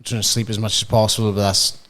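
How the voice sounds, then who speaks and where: Man, young adult, lowish pitch, casual podcast talk, rambling, swears often. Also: level tone, fast talker, fairly bright tone. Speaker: podcast co-host. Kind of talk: casual chat.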